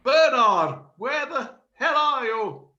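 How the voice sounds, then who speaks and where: A man voices a fussy panto director who keeps blowing his top. His voice sits high and swings wide, with bright, sharp edges. The sound is dull and lo-fi, as from a video call. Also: big pitch swings, slow, exaggerated voice. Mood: frantic. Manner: pompous, theatrical outbursts. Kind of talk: amateur play reading.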